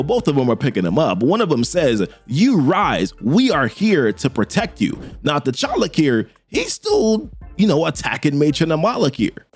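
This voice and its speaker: An enthusiastic man recaps a comic issue in casual, filler-laced commentary. His pitch swings widely and animatedly, with faint music underneath. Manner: enthusiastic, filler-heavy narration. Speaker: comic book reviewer.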